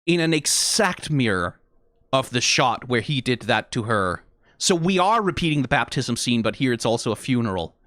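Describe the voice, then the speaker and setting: Man, reaction streamer, mid-range voice, dry close sound; analytical, excitable, swears. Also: mid-range voice, normal speed, no room sound. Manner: analytical, swears freely, gets emotional and excitable. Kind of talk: casual video commentary.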